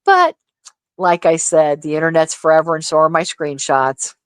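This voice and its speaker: A woman co-hosting a casual livestream chat, telling gossip in an animated, profane, laughing way. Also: deep voice, normal speed, smooth, no echo. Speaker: livestream co-host.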